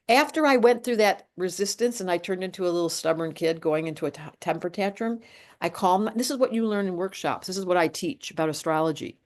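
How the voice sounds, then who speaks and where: A woman in her late sixties, talking in a casual chat as an astrologer, animated and emphatic, often breaking off and restarting her sentences. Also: on the low side, quick pace. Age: 60s.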